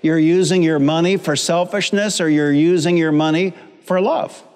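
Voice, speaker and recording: A man's voice: on the high side, normal speed, a little mellow, clear, resonant tone. A middle-aged man, a pastor, preaching a sermon with humor and repetition and calling on the congregation to answer back. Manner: preaching with humor and repetition, calls for audience responses. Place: church sanctuary. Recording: long church hall reverb.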